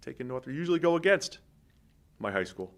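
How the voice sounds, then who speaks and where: A man's voice: medium pitch, very animated, a little fast, gravelly. A man co-hosting a sports podcast in casual, joking chat, rambling with restarts. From Massachusetts. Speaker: podcast co-host. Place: podcast studio.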